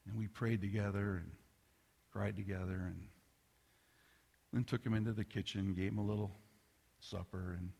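A middle-aged man preaching a sermon as a pastor, telling a family story in a loose conversational way with restarts, sometimes dropping to a soft near-whisper. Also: fairly low pitch, level tone, moderate pace, creaky, long pauses, husky. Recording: long reverb of a large hall.

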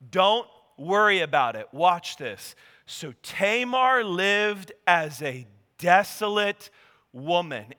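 A male preacher delivering an intense sermon, dropping to a hush at the heaviest moments. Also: high-pitched, clean tone, long reverb tail.

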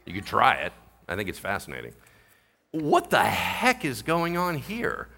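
Pastor guy preaching, lively and jokey, bright voice that swings all over. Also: lowish voice, a little slow, creaky, husky. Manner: animated, jokey, acts out voices of people in the story. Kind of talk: sermon.

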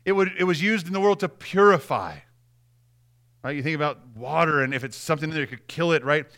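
A man's voice: fairly high pitch, lively intonation, a little fast, a bit bright. A man preaching a sermon, emphatic and direct, repeating key phrases and speaking straight to the congregation.

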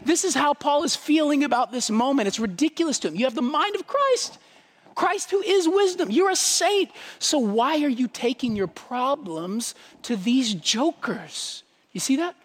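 Male preacher, emphatic sermon delivery, very expressive pitch. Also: normal speed. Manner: animated, emphatic, rhetorical questions. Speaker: pastor.

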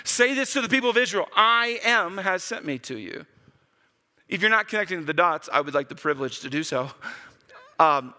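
High bright voiced guy preaching, swings all over, echoey big hall. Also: normal speed. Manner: animated, acts out quotes with big pitch jumps. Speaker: pastor. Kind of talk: sermon. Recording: long hall reverb.

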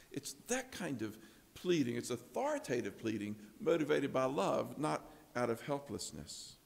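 A male preacher with a gravelly edge to his voice, delivering a sermon. He shifts earnestly between hushed tones and emphatic ones. His words ring out with the long reverb of a large hall. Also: medium pitch, sing-song, moderate pace. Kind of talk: expository sermon.

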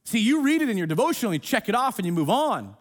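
A man preaching a sermon in a church, emphatic and swinging between hushed and loud. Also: high voice, big pitch swings, fast. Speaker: pastor. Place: church sanctuary, streamed online.

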